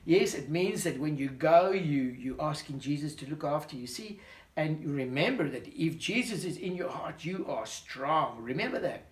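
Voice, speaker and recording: Brief: a storyteller man retelling a Bible tale for kids, animated, asks questions, roomy sound. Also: a little high, moderate pace. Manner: animated, questioning, talks to a listener. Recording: roomy echo.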